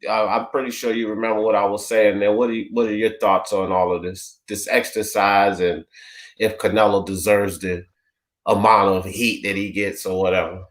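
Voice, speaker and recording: A man's voice: on the low side, flat delivery, moderate pace. A man hosting a casual sports talk panel, rambling through a summary and calling on his panelists by name. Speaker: host of a sports talk show.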